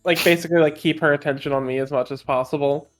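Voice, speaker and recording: A man playing a tabletop game, chatty and quick to giggle. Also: a little high, steady tone, faint music behind. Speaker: player. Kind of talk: casual tabletop play.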